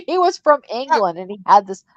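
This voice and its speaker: A woman's voice: high voice, very animated, moderate pace, dry recording. A woman from Missouri co-hosting a livestream, talking in a chatty, rambling and frank way. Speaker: livestream co-host. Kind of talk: casual chat. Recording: dull lo-fi dry sound.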